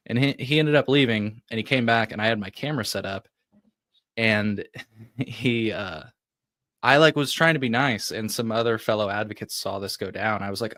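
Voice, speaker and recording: A man's voice: lowish voice, moderate pace, a bit bright, no echo. A male podcast host telling a personal story in a casual, rambling way, full of "like" and restarts. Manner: rambling, heavy use of "like", frequent restarts.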